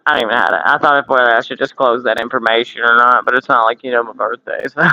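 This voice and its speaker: A man's voice: mid-range voice, steady tone, fast talker, sharp tone, poor audio. A man in his thirties hosting a casual livestream from home, swearing and laughing through loose banter. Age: 30s. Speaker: livestream host. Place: home room with window air conditioner.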